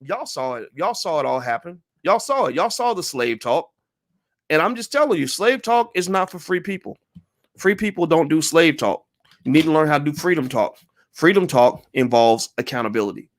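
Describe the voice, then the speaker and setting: A man delivering an emphatic opinion monologue as a commentator, repeating his points forcefully. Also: a little high.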